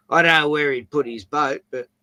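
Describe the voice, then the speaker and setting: A man's voice: fairly high pitch, pushed and bright, dry recording. A man with an Australian accent hosting a casual chat, rambling through anecdotes with chuckles. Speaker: host.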